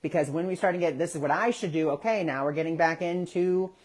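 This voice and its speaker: Animated male spiritual talk host. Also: a little high, fast. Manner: animated storytelling, acting out quoted voices. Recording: social media live stream.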